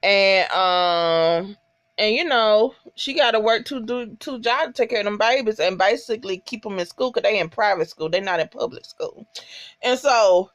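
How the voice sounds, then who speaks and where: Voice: mid-range voice, normal speed, no echo. Profane, emphatic TV recapper. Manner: profane, emphatic, animated storytelling; talks straight to viewers as "y'all". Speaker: TV episode recapper. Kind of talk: casual episode recap.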